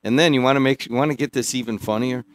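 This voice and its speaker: A man's voice: medium pitch, dry recording. Middle-aged male radio host, clean dry voice. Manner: teasing, joking, talks in quick bursts with restarts. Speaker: radio sports talk host. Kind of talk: casual radio banter. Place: radio studio. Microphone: studio microphone.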